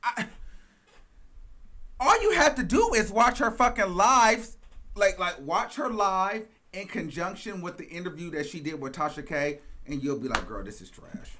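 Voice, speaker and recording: A man's voice: high-pitched, lively intonation, a little slow, sharp tone. A man hosting a gossip commentary show, ranting in a sassy, profane, emphatic way and repeating phrases for emphasis.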